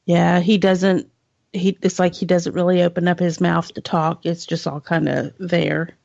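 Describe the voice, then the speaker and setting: A woman's voice: fairly low pitch, flat delivery, measured pace, creaky, a little mellow, no room sound. A woman in a casual radio chat, giggly and telling stories. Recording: dull lo-fi radio audio.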